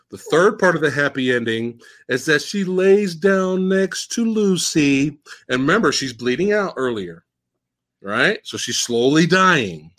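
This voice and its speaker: A man hosting a casual podcast, mocking a film's plot in a profane, animated way as he retells it. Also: fairly high pitch. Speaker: podcast host. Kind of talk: casual podcast film discussion.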